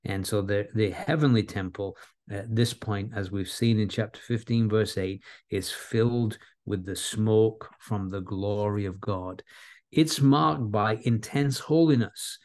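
A man with a fairly low voice delivers an earnest verse-by-verse sermon. He leans on key words and repeats them. He slows right down whenever he wants a point to land. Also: flat delivery, warm tone. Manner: earnest, repeats key words, varies his pace for emphasis. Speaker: preacher. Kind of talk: expository Bible sermon.

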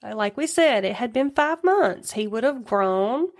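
Woman, podcast co-host, true-crime retelling, chatty asides, higher voice. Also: expressive, a little slow. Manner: chatty, reads the case aloud with asides.

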